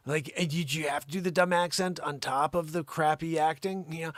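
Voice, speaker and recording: A man hosting an improvised live comedy show, teasing a co-host in mock exasperation and lurching between loud outbursts and low mutters. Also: normal speed, few pauses, dry recording, studio quality.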